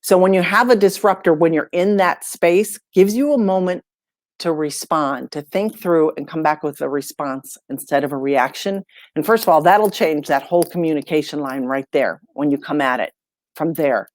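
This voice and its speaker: A woman, a life coach and podcast guest, tells stories in a relaxed, conversational way and acts out the lines of the people in them. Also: sits low, normal speed, dry recording, studio quality. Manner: lively storyteller who acts out dialogue. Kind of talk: casual podcast storytelling.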